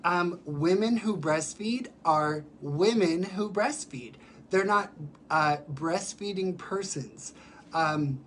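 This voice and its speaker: A man who performs in drag, chatting casually on a live stream while sick, with a raspy voice and many fillers. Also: sits high, slight background noise. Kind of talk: casual livestream chat. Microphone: phone or webcam for a live stream.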